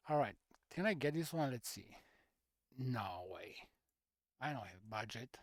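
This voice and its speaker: Man, casual game streamer, mid-pitched, mutters menu picks, dry close mic. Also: lively intonation, measured pace, dry recording. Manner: mutters menu choices, non-native phrasing. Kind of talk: casual gameplay commentary.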